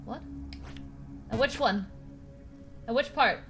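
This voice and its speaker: A woman's voice: a little high, slow pace, a bit bright, soft background music. A young woman streaming a game, chatting casually in a rambling, self-deprecating way and laughing often. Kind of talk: casual live-stream chat while gaming.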